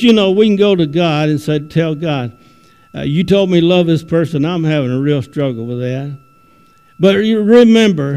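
A man's voice: high-pitched, darkish tone, smooth. A man preaching a sermon as a visiting preacher, in a folksy way that often repeats words and starts over. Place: church sanctuary. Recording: long reverb in a church hall.

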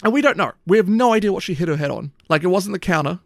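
Fast-talking gravelly man. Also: high-pitched, expressive, dry recording, studio quality. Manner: rambling anecdote, frequent swearing and "like". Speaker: storyteller. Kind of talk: casual chat.

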